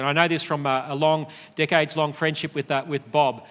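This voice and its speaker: Middle-aged Australian man, high and bright, delivering an earnest conference address with lots of ums; big hall reverb. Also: a little fast, hardly any pauses. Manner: earnest, emphatic, with frequent fillers. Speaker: speaker. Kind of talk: conference speech.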